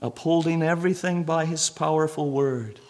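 Earnest preacher man, hushing for emphasis. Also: on the high side, normal speed. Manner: earnest, drops to hushed emphasis on key phrases; repeats and lists phrases for emphasis. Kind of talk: sermon.

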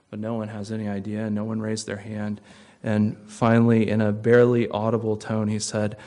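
A pastor delivering a sermon in a mid-pitched voice. He tells stories quietly, almost hushed at times, then rises with emphatic stress on key points. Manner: storytelling, dropping to a hush for tense moments and rising for emphasis.

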